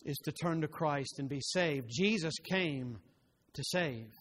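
Emphatic preacher man, somewhat high voice. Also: slow, fairly bright tone. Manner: emphatic, rising to impassioned pleading; quotes scripture chapter and verse. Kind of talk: sermon.

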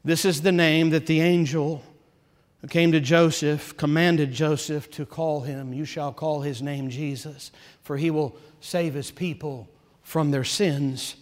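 A male pastor preaching a sermon, swinging between hushed, quiet passages and rising, impassioned build-ups. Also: a little high, steady tone, measured pace, big-room sound.

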